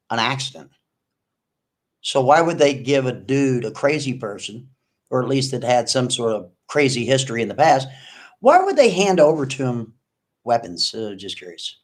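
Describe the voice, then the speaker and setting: A man hosting an online video, ranting at an absent rival in an accusing, mocking way and repeating himself often. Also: mid-range voice. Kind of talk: confrontational livestream rant.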